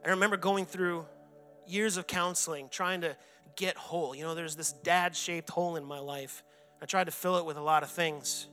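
A man in his forties preaches in a church sanctuary, telling his own story with earnest conviction. His voice sits high for a man and rings bright. Soft music plays underneath. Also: fairly even intonation, normal speed. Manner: earnest personal testimony, reenacts his own anguished shouting prayers. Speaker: pastor. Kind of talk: sermon.

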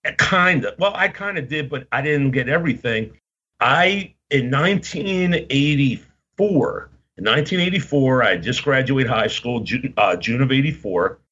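A husky-voiced man in his fifties from Baltimore spins a rambling story in casual podcast chat. The sound is a little dull and lo-fi. His pitch sits in an ordinary middle range. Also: lively intonation, measured pace, fairly bright tone. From Baltimore, Maryland. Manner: rambling anecdotes, acts out quoted voices.

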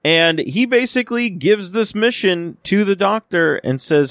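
A man's voice: high-pitched, animated, measured pace, hardly any pauses, fairly bright tone, dry recording, studio quality. A man co-hosting a podcast, chatting casually about a TV episode, with lots of fillers and restarts. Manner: rambling, many fillers and restarts, acts out quoted lines. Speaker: podcast co-host. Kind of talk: casual chat reviewing a TV episode.

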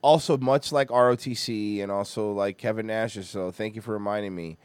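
A man from Florida hosting a podcast, ranting loudly and crudely and mocking others in exaggerated voices. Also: lowish voice, fairly even intonation, brisk, smooth, dry recording. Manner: loud, profane, mocking rant. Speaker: podcast host. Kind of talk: casual podcast rant.

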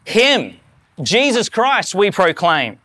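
A man's voice: high-pitched, sing-song, slow pace, bright, forceful tone. A man preaching a sermon to his congregation, earnest and rising to fervent emphasis. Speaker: pastor.

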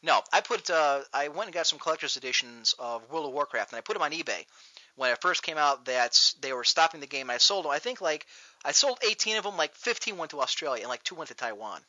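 A man hosting a show, ranting loudly and profanely in a mocking tone, recorded on dull lo-fi audio. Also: on the high side, animated, quick pace, no echo. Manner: loud, profane, mocking rant. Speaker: podcast host. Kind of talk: ranting comedic talk show.

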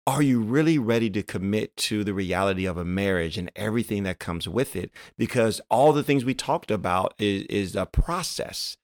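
A man's voice: on the low side, lively intonation, moderate pace, few pauses. A man hosting a faith-based podcast, talking earnestly and encouragingly, often repeating his key phrases. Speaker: podcast host.

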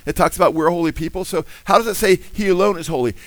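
A man's voice: sits high, very fast, a bit bright, dry recording, rough recording. A man preaching a fervent, emphatic sermon with casual asides.

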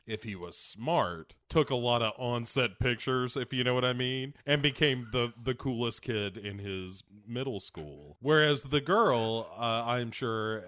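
A man's voice: on the low side, a bit bright, dry recording, clean studio sound. A man co-hosting a comedic movie recap podcast, joking and swearing, often jumping into put-on voices. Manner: jokey, profane, bursts into put-on character voices. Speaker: podcast co-host.

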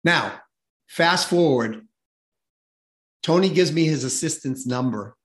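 Animated storyteller, a man with higher pitch. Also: slow pace. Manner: lively, acts out quoted voices, chuckles while telling. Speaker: podcast guest, sales expert.

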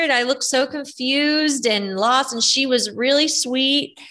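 Young woman, podcast host, chatty and animated, clear bright tone. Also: a little high, a little slow. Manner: animated storytelling, lots of fillers. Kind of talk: casual chat.

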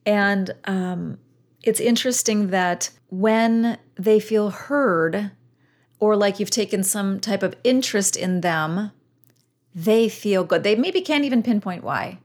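A woman hosting a conversational interview, who thinks out loud and sums up her guest's ideas. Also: medium pitch, slow. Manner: reflective, affirming listener who sums up ideas. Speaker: podcast host.

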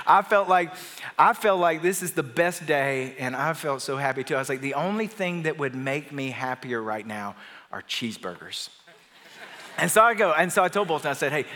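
A man's voice: a little high, sharp tone. A middle-aged man, a pastor, preaching a sermon in a conversational storytelling way that builds to emphatic declarations. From Atlanta area, US. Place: large church auditorium. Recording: long reverb of a large church hall.

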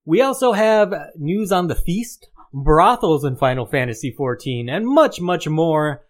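A man's voice: a little high, expressive, unhurried. Playful male podcast host. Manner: playful, self-mocking. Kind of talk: casual podcast chat.

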